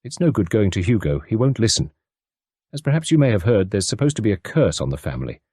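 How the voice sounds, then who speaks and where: A man's voice: lowish voice, sing-song, quick pace, dark tone, slightly rough, no echo, studio quality. A man voicing an anxious American mother. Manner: earnest, anxious pleading. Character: determined American woman, about thirty, worried mother.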